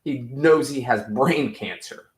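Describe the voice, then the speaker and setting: A man's voice: medium pitch, measured pace. A man casually recapping a TV episode, rambling, jokey and profane. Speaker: podcast host. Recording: roomy echo.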